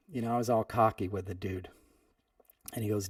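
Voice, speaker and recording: A man's voice: on the low side, fairly even intonation, a little fast, long pauses, slightly rough, no room sound, clean studio sound, distant mic. A man hosting a podcast, telling a personal story in a conversational way and leaning on "you know" often. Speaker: podcast host. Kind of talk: storytelling monologue.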